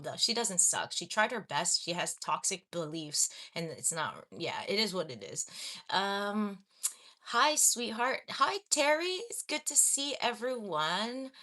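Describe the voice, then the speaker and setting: A woman's voice: mid-range voice, pushed and bright. A young adult woman from Los Angeles chatting casually on a livestream, reading viewer comments and laughing at herself often. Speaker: livestream host.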